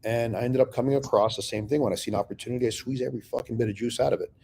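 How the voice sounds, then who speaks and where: A middle-aged man spins a long personal story in a relaxed podcast chat. His voice is mellow and warm at an ordinary pitch. He swears often and slips into other people's voices as he quotes their words. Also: very fast, vocal fry, slight background noise. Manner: profane, animated storyteller acting out dialogue. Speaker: real estate investor telling his story.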